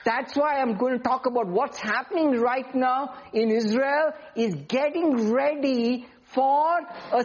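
A preacher gives an emphatic sermon and keeps putting questions to the listeners. The voice is high-pitched and the delivery slow and deliberate. The recording sounds dull and lo-fi. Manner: emphatic, asks the congregation questions.

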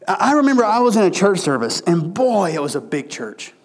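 A male pastor delivers a sermon in a folksy storytelling manner. His voice sits on the higher side for a man, and he keeps turning to the congregation. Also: big pitch swings, a little fast.

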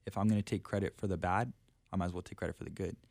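Low-voiced young man, earnest storyteller. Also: steady tone, very fast, creaky, a little mellow, dry recording. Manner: earnest storytelling, heavy use of "like" and "literally". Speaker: guest, traveling preacher. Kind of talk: casual faith podcast conversation.

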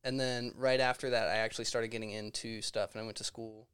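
A young man from Virginia chatting as a podcast guest, relaxed and hesitant with many ums. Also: fairly low pitch, a little fast, clean tone, no echo, clean studio sound. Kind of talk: casual interview chat.

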